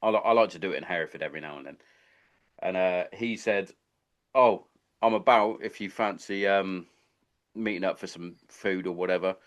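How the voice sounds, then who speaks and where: A man's voice: low-pitched, normal speed. A man hosting a podcast, chatting casually and telling long rambling anecdotes full of swearing. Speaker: podcast host. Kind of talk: casual chat.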